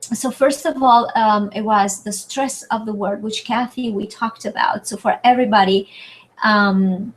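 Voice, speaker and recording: A woman's voice: mid-range voice, fairly even intonation, unhurried, poor audio. A woman with a French accent teaching pronunciation on a live video-call webinar, hesitant and searching for words with many fillers. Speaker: French tutor hosting a webinar. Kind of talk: live online Q&A lesson. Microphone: computer mic on a video call.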